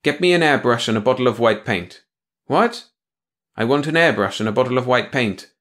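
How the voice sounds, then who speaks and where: Man playing gruff official, tired, growling, world-weary, audiobook. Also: mid-range voice, expressive, fast talker, fairly bright tone, voice pushed up, close to an everyday voice.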